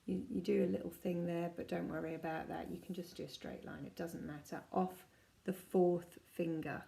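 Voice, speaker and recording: A woman in her forties, a kinesiology practitioner, chatting casually as she guides listeners through calming exercises step by step. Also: lowish voice, moderate pace, vocal fry. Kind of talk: casual self-help teaching.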